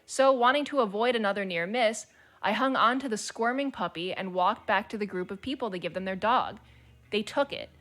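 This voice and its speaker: A woman's voice: mid-range voice, fairly quick, fairly bright tone. A woman streamer chatting casually and reading forum posts aloud, blunt, swearing freely and laughing as she talks.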